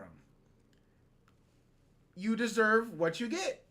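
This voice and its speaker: A man's voice: sits high, very animated, normal speed, a bit bright. A man co-hosting a podcast, ranting in heated, profane, incredulous bursts during casual talk. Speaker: podcast co-host.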